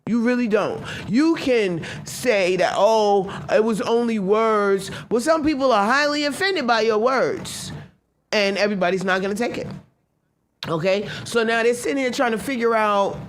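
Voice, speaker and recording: A woman's voice: a little high, normal speed, a little hiss or hum. A woman hosting a live podcast, talking in a casual, blunt and annoyed way, greeting the chat and restarting her sentences often. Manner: animated, talks back to chat, many restarts. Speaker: podcast host. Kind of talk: casual live-stream commentary.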